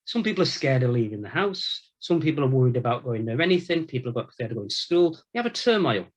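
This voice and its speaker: A male Catholic priest giving an informal Lenten talk, telling stories from his time as a prison chaplain in a lively, colloquial way. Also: medium pitch, fast. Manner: storytelling, animated anecdotes with quoted voices.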